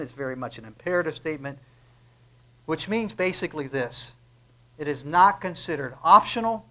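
A male preacher with a high-pitched voice gives an emphatic sermon, firing rhetorical question after question at the room and stressing his key words hard. He swings from near-whispers to booming repetition.

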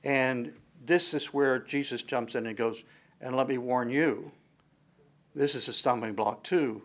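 A pastor delivers a conversational sermon, moving between explanation and playful dramatized asides. He often restarts sentences, uses plenty of fillers, and swings animatedly in loudness. His voice is mid-range and unhurried.

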